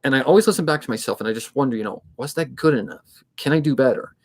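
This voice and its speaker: Talking fast in a mid-range voice, a twenty-something man who narrates fanfic readings chats casually on a livestream. He keeps a steady, somewhat monotone tone and thinks aloud along the way.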